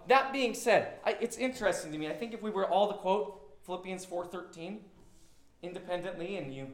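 Pastor guy, pretty high voice, chatty sermon that jumps loud on key words. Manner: conversational preaching with sudden loud emphasis.

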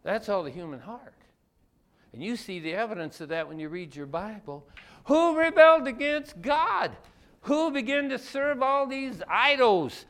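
High-voiced man preaching a folksy sermon. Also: lively intonation, normal speed, a bit bright. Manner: colloquial and conversational, rhetorical questions. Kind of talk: folksy Bible-teaching sermon.

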